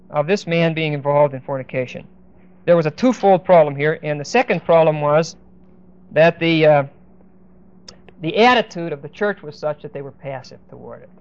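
A man teaching a verse-by-verse Bible lesson, speaking deliberately and with emphasis, stopping now and then to look up verses. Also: on the high side. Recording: dull lo-fi recording.

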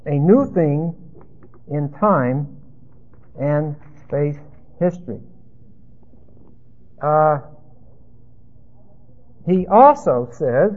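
Husky high-voiced male preacher. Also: expressive, slow, long pauses. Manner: emphatic, rambling teaching. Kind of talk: expository sermon. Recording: tinny phone-like sound.

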